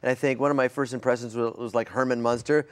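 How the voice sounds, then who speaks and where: A man, a comedian and voice actor, chatting as a TV show guest, animated and joking. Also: mid-range voice, fast. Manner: animated, keeps slipping into character voices. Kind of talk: casual chat show interview.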